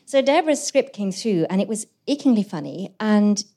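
Woman, co-host, lively and laughing, swearing through a comic story on stage. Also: medium pitch, moderate pace. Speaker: guest co-host, actress. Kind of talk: comic storytelling to a live audience. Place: live venue before an audience. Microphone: handheld microphone.

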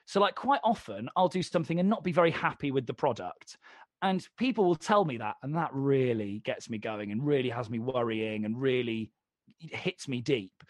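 Animated young man telling a story. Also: mid-range voice, moderate pace, dry recording. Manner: animated, swearing, acts out both sides of dialogues. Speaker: comedian and presenter, podcast guest. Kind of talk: casual storytelling chat.

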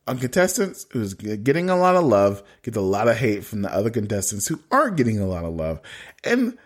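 A man co-hosting a casual podcast, his voice leaping all over in pitch as he recaps a reality dating show. He talks with dramatic, mock-exasperated flair and breaks into laughter often. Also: sing-song, brisk. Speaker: podcast co-host.

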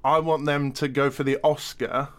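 A man's voice: a little high, level tone, normal speed, a bit bright, a little hiss or hum. A young man, a guest on a film podcast, playful and hesitant, with many fillers. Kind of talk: casual film discussion.

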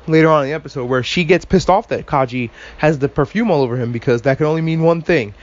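A man with a fairly high voice talks through a show in a loose podcast recap, animated and sarcastic and quick to curse. The recording sounds dull and lo-fi. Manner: animated, swears a lot, sarcastic asides. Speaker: podcast host. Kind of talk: casual episode recap.

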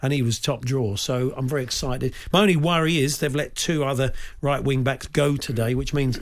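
A man's voice: medium pitch, fairly even intonation, brisk. A man hosting a sports radio show, chatting casually about football transfers with his co-host. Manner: chatty, conversational with restarts.

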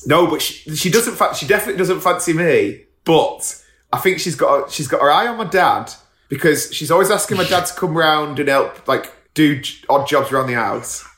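A man telling stories in a casual podcast chat, animated, laughing often and acting out the voices of people he talks about. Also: a little high, moderate pace, echoey room. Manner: swears casually. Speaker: guest storyteller.

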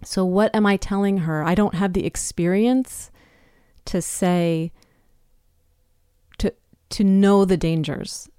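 A woman's voice: mid-range voice, takes it slowly, long pauses, mellow, clean tone, dry recording, studio quality. A woman in her fifties hosting a solo podcast, talking in a chatty, candid, self-deprecating way. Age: 50s. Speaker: podcast host. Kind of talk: casual solo podcast talk.

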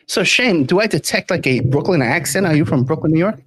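A man's voice: fairly high pitch, expressive, a little fast. A man hosting a podcast, plugging the show and chatting with guests in a folksy, easygoing way full of fillers. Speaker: podcast host. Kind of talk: casual interview chat.

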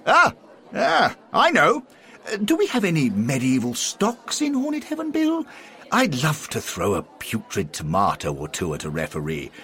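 A man voicing a boisterous, mocking old gentleman who founded a football club, in a loud, high, cackling voice. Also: huge pitch swings, normal speed, full character voice. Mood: gleeful.

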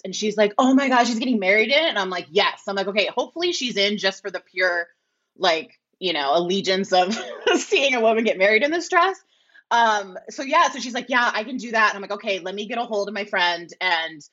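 A woman's voice: mid-range voice, a bit bright, lo-fi sound. A woman guest telling a story casually, rambling with many filler words and acting out the conversations she had. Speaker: podcast guest.

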